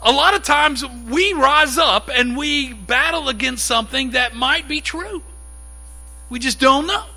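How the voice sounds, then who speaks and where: A man preaching a sermon in a conversational, animated way, acting out little quotes as he teaches. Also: extremely high pitch, unhurried, rough recording. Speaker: pastor.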